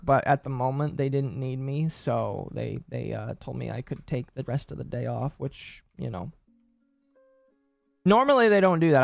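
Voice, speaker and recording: A man in his late twenties rambles casually on stream while responding to chat, chuckling and self-correcting as he goes. His medium-pitched voice is creaky, with no room sound.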